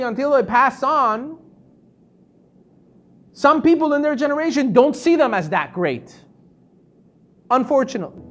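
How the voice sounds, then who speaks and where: Animated rabbi telling a story. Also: male voice. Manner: animated storyteller, acting out quoted voices, pitch swinging from soft to loud. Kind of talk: storytelling lesson.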